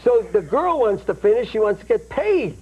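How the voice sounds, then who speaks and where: Older guy w/ a thick bronx accent, rambling jokey stories on a talk show, kinda high voice, faint hiss. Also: big pitch swings, moderate pace, dull audio. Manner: rambling, jokey, self-interrupting. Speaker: talk show guest, film director. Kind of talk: anecdotal talk show storytelling.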